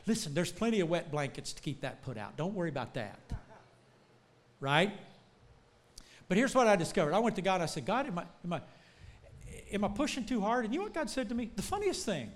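A man preaching a sermon, telling folksy stories and building to shouts. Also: high-pitched, a little fast, pauses often. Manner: animated, rising to shouts, folksy storytelling.

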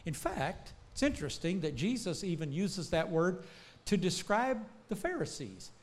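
A man preaching a sermon, telling folksy stories and building to shouts. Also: high voice, moderate pace. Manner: animated, rising to shouts, folksy storytelling.

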